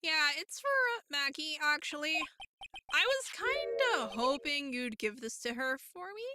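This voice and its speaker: A woman's voice: high voice, very animated, measured pace, heavy background noise. A woman voicing an earnest, scruffy male detective who talks in a bashful, mumbling way. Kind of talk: reading game dialogue aloud.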